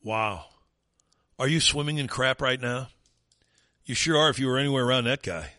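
A man's voice: mid-range voice, expressive, moderate pace, long pauses, pushed and bright, dry recording, studio quality. Sarcastic ranting male radio host. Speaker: radio talk show host. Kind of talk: opinionated talk radio monologue.

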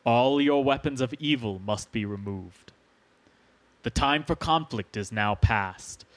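A man reading aloud as a solemn male alien envoy addressing Earth, slow and grave, as on a podcast. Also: mid-range voice, fairly bright tone.

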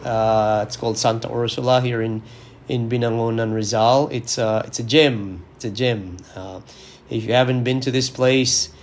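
A man giving a podcast homily as a parish priest, his voice strained from illness. He speaks reflectively at a middling pitch and often restarts his sentences. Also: slight background noise.

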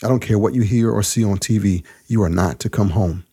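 A man's voice: on the low side, fairly quick, dark tone, slightly rough, no room sound, studio quality. A man voicing a middle-aged father who speaks firmly, laying down the law. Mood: stern.

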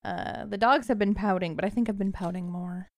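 A woman's voice: medium pitch, fairly even intonation, brisk, dry recording, studio quality. A woman co-hosting a casual podcast with friends, telling self-deprecating stories with lots of laughter and swearing. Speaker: podcast co-host. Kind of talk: casual chat among friends. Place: lives in a cold snowy area, recording remotely.

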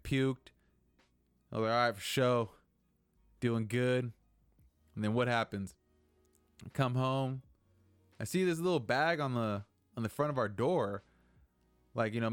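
A man's voice: medium pitch, fairly even intonation, moderate pace, long pauses, clean tone, dry recording, faint music behind. A young man hosting a casual solo podcast, rambling and venting with lots of swearing. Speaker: podcast host.

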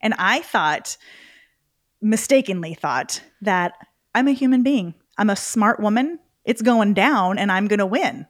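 Animated woman telling a lively story. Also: medium pitch, a little slow, dry recording, clean studio sound. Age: middle-aged. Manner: animated storyteller, acts out her own reactions. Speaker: podcast guest. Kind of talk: casual interview chat.

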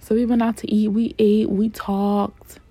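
A woman in her forties from New York, with a New York accent, telling a story casually in slangy, animated talk and acting out the quotes. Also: mid-range voice, measured pace, husky, no echo.

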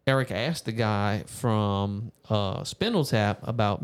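A man's voice: fairly low pitch, a little slow, hardly any pauses, clean tone. Chatty man talking craft beer. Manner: chatty, animated, laughs easily. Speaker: podcast co-host. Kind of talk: casual chat.

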